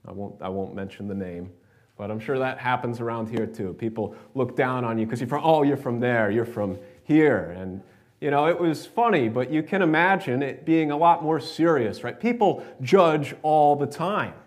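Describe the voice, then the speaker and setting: A man's voice: mid-range voice, normal speed. A male pastor with an American accent leading a church service, reading scripture, praying, then preaching in a conversational storytelling way to his congregation. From New York. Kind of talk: sermon with scripture reading and prayer. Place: church sanctuary.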